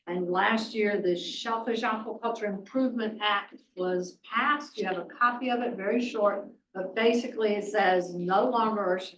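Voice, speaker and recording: A woman answers questions from a workshop audience, brisk and matter-of-fact. Her voice sits at a middle pitch and is picked up from a distance. The room echoes, with a light hiss behind her. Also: a bit bright. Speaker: workshop organizer. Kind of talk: workshop Q&A moderation. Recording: roomy, distant audio with faint noise.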